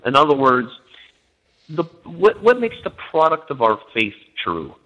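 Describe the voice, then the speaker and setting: A man's voice: medium pitch, animated, normal speed, sharp tone, muffled recording. A man, a guest minister, chatting on a talk show over the phone, hesitant with many fillers and given to joking. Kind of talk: casual chat on a talk show.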